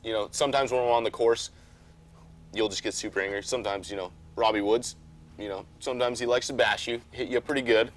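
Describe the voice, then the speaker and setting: A man talking casually as a guest about racing, easygoing and rambling, getting animated when he retells a story. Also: mid-range voice, a little fast, slight background noise. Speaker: off-road truck racer, guest. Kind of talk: casual chat.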